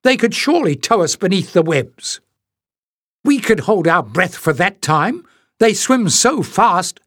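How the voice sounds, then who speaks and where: A man's voice: high voice, big pitch swings, a little slow, no room sound, clean studio sound, voice pushed up, heavily acted. A man doing a fiery young forest woman. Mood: eager. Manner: sharp, defiant.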